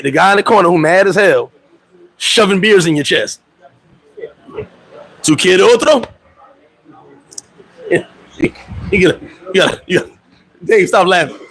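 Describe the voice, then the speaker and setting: With a slightly rough, somewhat bright voice, this live chat host spins loose stories packed with profanity and slang. He calls out friends and viewers by name and performs quoted voices, pushing his pitch up high.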